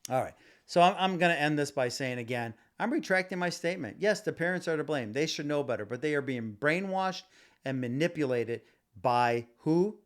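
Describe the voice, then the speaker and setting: Ranting solo on his podcast, a man speaks with passion but keeps repeating himself, stumbling over restarts and fillers. His voice runs on the high side, animated, at a moderate pace, and it's picked up by a home podcast mic.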